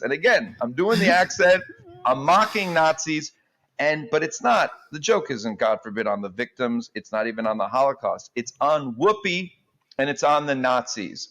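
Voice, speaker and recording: Male comedian as interview guest, mid-pitched, animated, jumps into bits. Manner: animated, jokey, acts out quotes.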